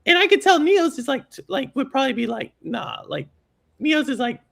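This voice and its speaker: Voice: sits high, sing-song, a little fast, vocal fry. A co-host in a casual livestream chat who rambles with many restarts and laughs easily.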